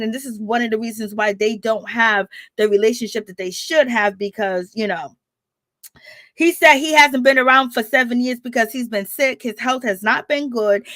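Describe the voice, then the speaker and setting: A woman's voice: fairly high pitch, dry recording. A woman hosting a casual reality TV recap, chatting animatedly, laughing often and acting out what people said. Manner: animated, laughing, reenacts quotes with rising squeals.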